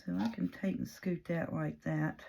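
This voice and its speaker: A woman's voice: lowish voice, fairly even intonation, moderate pace, creaky, dark tone. A woman chatting casually through a paper craft tutorial, rambling in a folksy way and talking through her own mistakes as she works. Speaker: paper crafter demonstrating a project.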